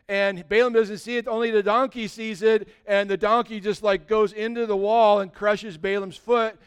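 High, clear-voiced storytelling preacher. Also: male voice. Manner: animated, conversational retelling. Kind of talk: storytelling sermon.

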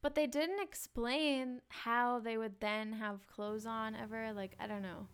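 A woman's voice: a little high, a little slow, clear, resonant tone. A woman co-hosting a casual book chat, laughing often and reading passages aloud. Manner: giggly, animated, reads passages aloud. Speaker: co-host of a book discussion.

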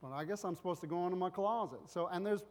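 High-voiced man preaching in a reverberant hall. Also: fast talker. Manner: rambling, loses his place, acts out loud family voices. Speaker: pastor. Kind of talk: sermon with personal stories.

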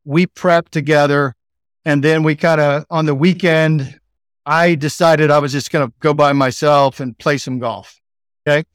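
A man's voice: fairly high pitch, steady tone, unhurried, no room sound, clean studio sound. A middle-aged man with a Texan accent, a podcast guest telling a story casually and chattily, full of "like" and "you know". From Texas. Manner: chatty, laid-back, frequent 'like' and 'you know' fillers. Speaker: guest, sales executive.

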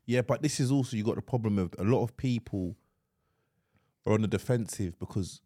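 Quick-talking husky man. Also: on the low side, warm tone, no echo, clean studio sound. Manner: quick, chatty, interjecting. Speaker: podcast co-host. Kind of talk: casual chat.

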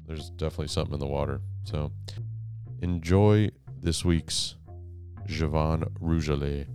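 A man hosting a podcast, rambling and self-deprecating, talking quietly in a home office. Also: extremely low pitch, steady tone, normal speed, soft background music. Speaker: podcast host. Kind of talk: casual monologue. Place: wife's office, speaking quietly.

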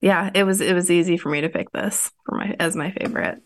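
Female podcast co-host, lower pitch, candid and profane, dry recording. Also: steady tone, brisk, dry recording. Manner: candid, swears freely. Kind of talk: casual podcast chat.

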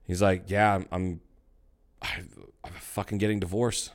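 A middle-aged man talks in a relaxed, chatty way. His voice sits on the low side, and he tells his stories bluntly with plenty of swearing. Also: measured pace. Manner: blunt storytelling, heavy swearing. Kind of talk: casual chat.

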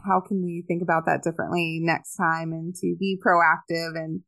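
A woman's voice: lowish voice, flat delivery, creaky. A woman in her thirties hosting a podcast, agreeing with her guest and building on her points. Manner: warm, affirming, quick to agree. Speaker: podcast host. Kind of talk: casual podcast chat.

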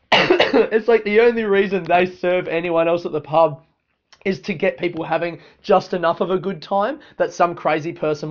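Guy rambling and swearing in a casual monologue, voice a bit high, dull lo-fi sound. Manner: profane, rambling rant with many fillers. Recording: dull lo-fi recording.

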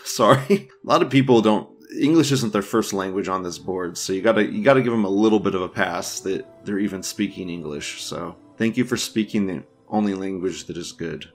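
A man's voice: sits low, normal speed, creaky, soft background music. A man hosting a podcast, casually reading forum posts aloud with crude jokes and frequent laughter. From United States. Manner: crude, joking, laughs often. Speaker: podcast host.

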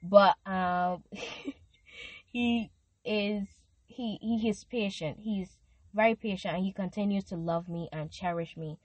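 A woman's voice: mid-range voice, steady tone, takes it slowly, no echo. Young woman, heartfelt Christian podcast host who leads prayers, close dry sound. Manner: earnest, emotional, leads prayers and chants. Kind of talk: devotional podcast talk with prayer.

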